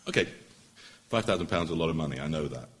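A middle-aged man, a barrister, giving an earnest, persuasive public speech at a meeting, pausing for emphasis. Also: rumbling low, animated, fairly bright tone.

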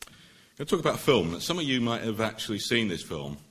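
A middle-aged man, a barrister, addressing a public meeting in an earnest, emphatic way that builds to forceful points. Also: fairly low pitch, sing-song, quick pace. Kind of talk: public speech.

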